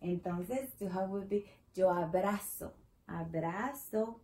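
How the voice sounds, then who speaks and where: Woman, Latin American Spanish accent, Spanish teacher, slow and patient, mellow tone. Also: mid-range voice, animated, rough recording. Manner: patient, repeats words slowly for learners. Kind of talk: explaining a language lesson.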